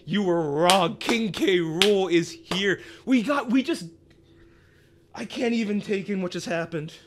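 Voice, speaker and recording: A man hosting a reaction video, excitedly calling out what he sees and shouting in disbelief. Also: high-pitched, a little slow, background noise. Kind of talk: excited live reaction commentary. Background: trailer music playing.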